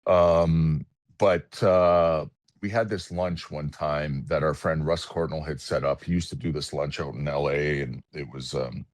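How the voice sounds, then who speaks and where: A man from Canada with a very deep, low voice tells stories in a relaxed podcast chat. He sounds moved and halting, often stumbling over repeated words. The sound is dry and close. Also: dry recording. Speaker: podcast guest, retired hockey player. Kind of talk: casual storytelling.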